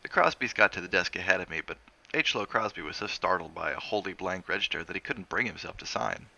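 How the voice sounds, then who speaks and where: A man reading a novel aloud in steady, measured narration. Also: low voice, creaky. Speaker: reader of a novel on a stream.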